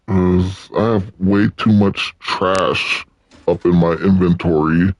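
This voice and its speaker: A man's voice: sits low, steady tone, takes it slowly, no echo. A man giving joking, casual commentary while playing a video game. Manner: joking, laughs at himself. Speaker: let's play gamer.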